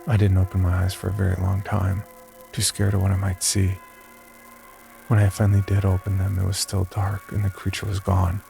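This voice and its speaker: Deep gravelly male horror narrator. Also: warm tone. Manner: slow, measured first-person storytelling. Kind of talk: scripted horror story narration.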